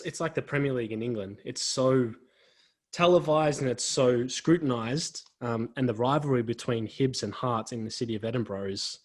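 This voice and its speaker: Casting note: male podcast host from Australia, mid-pitched, friendly, rambling questioner. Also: husky. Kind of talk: casual podcast interview.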